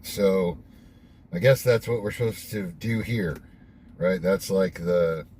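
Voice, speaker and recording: A man's voice: low-pitched, slow, a little mellow, slight background noise. A young man hosting a casual devotional monologue, candid and reflective, who swears offhandedly. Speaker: host.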